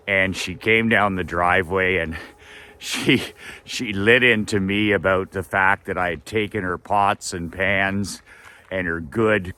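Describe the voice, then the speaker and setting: A middle-aged man telling a personal story in a relaxed way, with fillers and laughs. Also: deep voice. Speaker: business coach. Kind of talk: casual storytelling.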